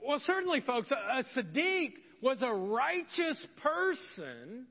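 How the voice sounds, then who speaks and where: A man preaching a sermon as pastor, humorous and animated, acting out voices of the people in his story. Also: very high-pitched. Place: church hall. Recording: muffled church hall recording with long reverb.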